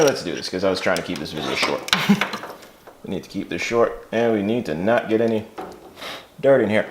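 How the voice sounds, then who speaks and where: A man's voice: deep voice, lively intonation, moderate pace, long pauses, background noise. A man hosting a casual car repair vlog, rambling and joking at himself while he works in a garage. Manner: joking, rambling, self-mocking. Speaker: channel host.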